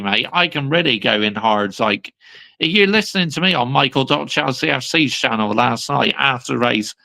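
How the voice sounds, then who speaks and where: Young British male streamer, gravelly voice with big swings in pitch, repetitive ranting at his viewers. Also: sharp tone. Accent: British English. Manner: ranting, repetitive, addresses viewers as people and mate. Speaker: livestream host. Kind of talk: fan rant on a livestream.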